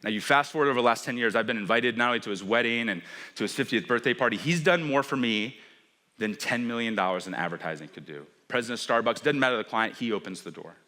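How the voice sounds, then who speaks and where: Animated bright-voiced man telling a story. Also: mid-range voice, fast. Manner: animated, acts out dialogue with quoted voices. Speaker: keynote speaker. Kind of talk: storytelling keynote talk. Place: conference stage.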